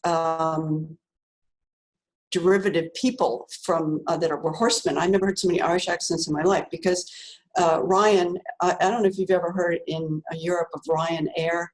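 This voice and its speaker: A woman's voice: lowish voice, fairly even intonation, moderate pace, rough recording. An older woman, a guest author, telling a story in a chatty way, laughing often and using many fillers. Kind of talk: animated storytelling.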